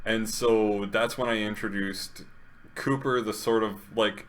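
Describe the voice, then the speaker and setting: Low-voiced man, chuckling player. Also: fairly even intonation, unhurried, fairly bright tone. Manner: laughs often, hesitant with fillers. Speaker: tabletop game player. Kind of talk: casual podcast chat.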